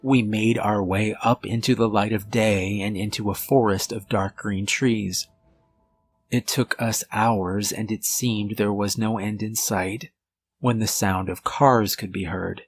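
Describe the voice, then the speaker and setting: A man giving a measured, scripted first-person narration of a horror story. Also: lowish voice, steady tone. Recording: faint music bed under voice. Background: soft background music.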